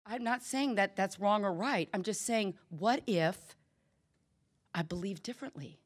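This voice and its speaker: A woman's voice: mid-range voice, measured pace. A middle-aged woman giving a candid personal testimony at a recovery meeting, telling stories and acting out the quoted dialogue.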